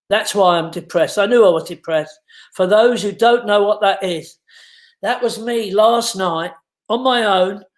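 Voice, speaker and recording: A man hosting a casual live stream from his home, chatting, laughing and reading out viewers' names and greetings. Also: sits high. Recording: echoey room.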